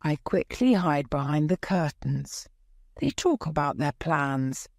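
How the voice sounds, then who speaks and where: A woman narrates a graded reader at a very slow, deliberate pace, in a somewhat low voice. The recording is dry and close, with no room sound. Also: animated, a little mellow, dry recording. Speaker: audiobook narrator. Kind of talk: slow scripted storybook narration for learners.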